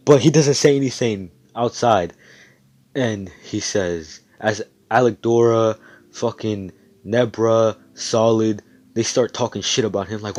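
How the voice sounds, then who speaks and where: A man casually telling a made-up fan story, rambling, swearing often, and getting excited, over a computer mic on voice chat. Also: lowish voice, measured pace.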